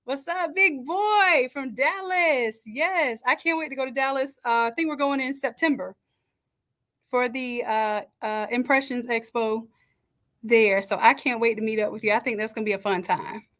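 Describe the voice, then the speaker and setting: A woman hosting a live stream from a home setup, chatting and greeting each viewer warmly by name. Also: fairly high pitch, moderate pace. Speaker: livestream host and design coach. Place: home setup with makeshift camera stand. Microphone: camera on a stand.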